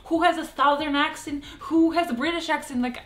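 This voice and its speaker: Animated high-voiced Russian-accented woman. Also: a little fast. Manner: animated, playful, exaggerated emphasis. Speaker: vlogger. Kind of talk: casual vlog commentary. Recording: echoey room with faint music.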